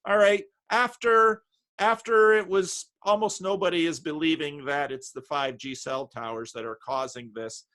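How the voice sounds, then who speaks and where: A man from New Jersey hosting a casual conversation over a video call, talking in halting bursts with many restarts and fillers. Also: fairly high pitch, steady tone, a bit bright. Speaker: host.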